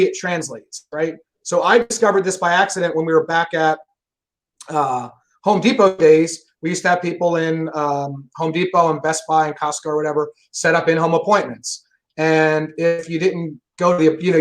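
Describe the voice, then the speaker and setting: Fast-talking, high-voiced man. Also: steady tone, rough recording. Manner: fast, rambling and emphatic, swears freely. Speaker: solar sales pro guest. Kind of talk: casual interview chat.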